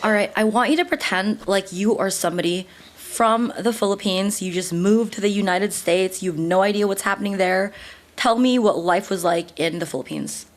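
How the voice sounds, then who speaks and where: A woman co-hosting a casual podcast chat, asking curious questions in a calm, low-key manner. Her voice is at a middle pitch. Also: moderate pace. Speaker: podcast co-host.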